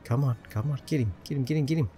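A man's voice: mid-range voice, very fast, warm tone, faint music behind. A man casually commenting on his own video game play, muttering to himself and joking at his own expense. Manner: chatty, muttering to himself, self-mocking. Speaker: gameplay commentator.

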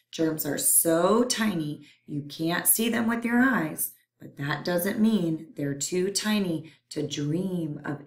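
Woman reading a picture book to children, unhurried and playful, echoey room. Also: fairly low pitch. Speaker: storyteller. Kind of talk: picture book read-aloud. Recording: roomy echo.

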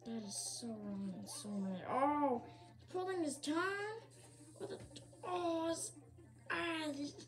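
A performer voicing Yoshi, a small dinosaur creature, hosting a reaction video and groaning and pleading at each clip, with a slightly rough morning throat. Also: sits high, slow pace, soft background music. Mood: dismayed. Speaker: reaction channel host.

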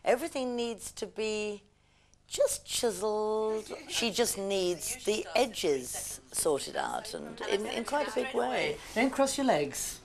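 A woman coaching posture and grooming on a reality TV show, brisk, bossy and gushing. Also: mid-range voice, very animated, a crowd in the background.

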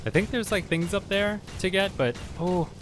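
A man's voice: sits high, moderate pace, noisy background. A man giving let's play commentary on a game, swearing often and yelping at enemies. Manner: profane, excitable, yelps at enemies. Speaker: gamer.

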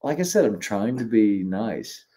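A man telling a story in a relaxed co-host chat, jumping in and out of the voices of the people he describes. His tone is dark and mellow, and his pitch swings widely as he talks. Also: unhurried. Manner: animated storyteller, acts out dialogue. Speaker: show co-host.

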